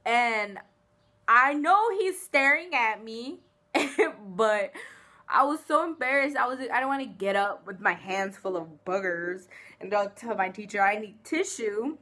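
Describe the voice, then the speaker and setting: A woman's voice: on the high side, measured pace. A woman casually telling funny personal stories to camera, chatty and giggly. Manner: chatty, giggly, animated storyteller. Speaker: vlogger. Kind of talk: casual storytelling.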